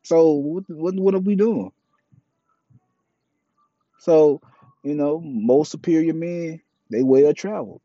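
In a casual monologue full of opinions, a man talks bluntly and with plenty of profanity, like preachy street talk. His slightly high, mellow voice moves slowly with long pauses. The lo-fi mic sounds dull and dry, with no echo.

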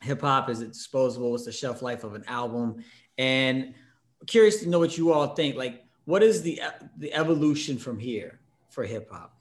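Measured male hip-hop chat host. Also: mid-range voice. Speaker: podcast host. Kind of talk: casual online group chat.

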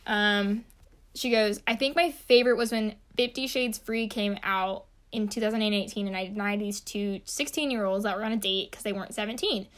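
Fast-talking young woman telling a story. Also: mid-range voice, steady tone, a bit bright. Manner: rambling, heavy use of "like". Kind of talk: casual storytelling chat.

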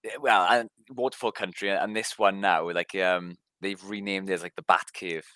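Welsh guy with a soft accent cohosting a podcast, low voice, dry sound, lots of ums and restarts. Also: steady tone, normal speed, no echo. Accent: light Welsh. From Wales. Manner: rambling, many fillers and restarts. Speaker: podcast co-host. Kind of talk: casual chat.

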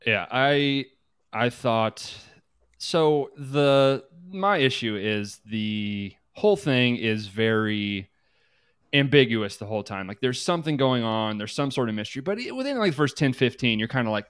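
A man's voice: mid-range voice, animated, unhurried, fairly bright tone, clean tone, dry recording, clean studio sound. A man co-hosting a casual podcast chat, rambling and swearing freely. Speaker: podcast co-host.

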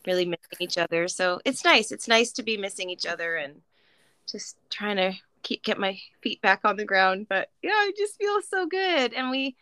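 A woman in her thirties co-hosting a podcast, talking openly and reflectively, with gentle hesitations. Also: mid-range voice, expressive, normal speed, smooth, no echo. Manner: reflective, open, hesitant with fillers. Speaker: podcast co-host. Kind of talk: casual chat.

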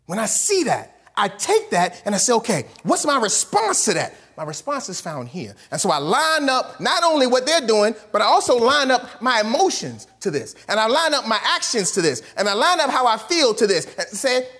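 A male pastor preaching a lively sermon, his voice pitched high and swinging widely up and down. He reads scripture aloud and plays out the quoted lines in voices, slipping into casual, colloquial phrasing. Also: breathy edge.

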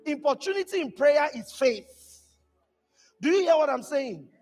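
A pastor preaching a sermon to his church, emphatic and animated, rising to shouted peaks. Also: very high-pitched, measured pace, big-room sound. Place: church hall.

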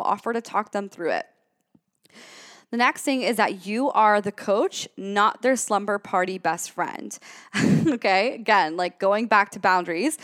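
A woman's voice: medium pitch, fairly bright tone. Chatty woman podcast host coaching. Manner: candid, chatty, blunt advice with frequent fillers. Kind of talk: solo podcast mini-training.

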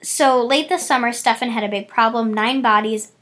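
A woman's voice: fairly high pitch, fairly bright tone. A woman co-hosting a casual chat, reading out news stories and reacting to them. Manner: chatty, fast bursts, laughs often. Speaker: podcast co-host.

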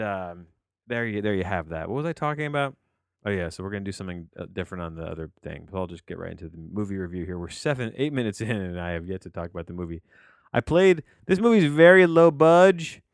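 On his solo podcast, a man reviews a movie in a meandering, digressive way, frequently starting sentences over and casually cursing. His medium-pitched voice is smooth, recorded dry and close to the mic with studio quality.

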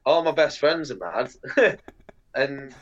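A man's voice: mid-range voice, slow, lo-fi sound. A man, a pro skateboarder chatting as a podcast guest, swearing freely and acting out the people in his stories. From England. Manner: sweary, animated, acts out voices in anecdotes. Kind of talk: casual interview storytelling.

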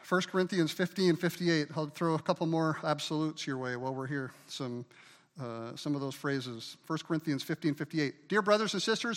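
High-voiced pastor preaching in a reverberant hall. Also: male voice, normal speed, a bit bright. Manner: emphatic preacher, calls for congregation to repeat words. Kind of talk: sermon.

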